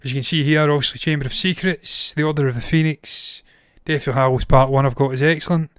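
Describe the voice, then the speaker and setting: A man's voice: a little high, steady tone, fast talker, a bit bright, clear, resonant tone, dry recording. Blunt, tired-voiced man in his thirties. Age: 30s. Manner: blunt, swears freely, opinionated. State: tired, strained voice. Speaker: film reviewer and live-streamer. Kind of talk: casual live-stream chat.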